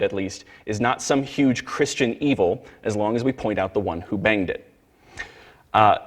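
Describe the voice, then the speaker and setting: A man teaching a church Sunday school class, emphatic and direct with the group, often repeating words as he restarts. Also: fairly low pitch.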